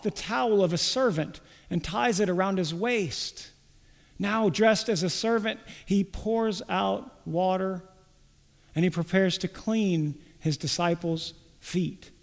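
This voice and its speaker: Slow, high-voiced preacher in a hall. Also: male voice, creaky. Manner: slow, deliberate preaching with emphatic quoted lines. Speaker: pastor. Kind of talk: sermon.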